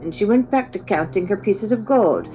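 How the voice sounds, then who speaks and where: A woman's voice: mid-range voice, normal speed, soft background music, rough recording. Woman reading a storybook aloud. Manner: expressive storytelling. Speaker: reader. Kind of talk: reading a children's book aloud.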